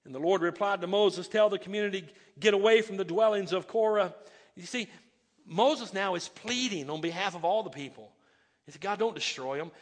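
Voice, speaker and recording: A male pastor with a high-pitched voice delivers a sermon at a fairly quick clip, reading scripture aloud and breaking in with emphatic asides. He stumbles and restarts, often repeating words as he begins sentences. The recording carries an echoey hall reverb.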